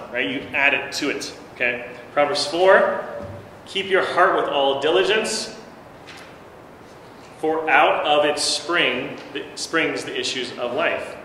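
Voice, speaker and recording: A man's voice: medium pitch, pushed and bright. A man teaching a Bible class in a loose, conversational way, with many fillers and restarts. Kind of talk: casual church class teaching. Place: church room. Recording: very echoey long-reverb room with faint noise.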